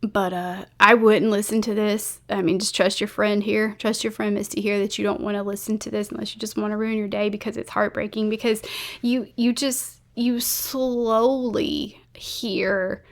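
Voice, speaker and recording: A woman host tells a true-crime story in a loose, chatty way, full of fillers and restarts. She speaks at a middle pitch, blunt and openly emotional about what she describes. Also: flat delivery, brisk, hardly any pauses. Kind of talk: casual storytelling to camera.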